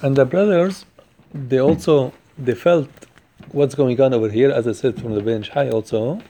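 A man teaching a Torah portion class. He chants Hebrew verses quickly, then explains them with rhetorical questions. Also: mid-range voice, dark tone.

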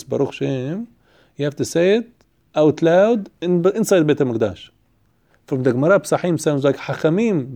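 A man teaching a Torah class. He reads Hebrew sources in a rapid chant, then explains them in English, halting with fillers and restarts. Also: mid-range voice, warm tone.

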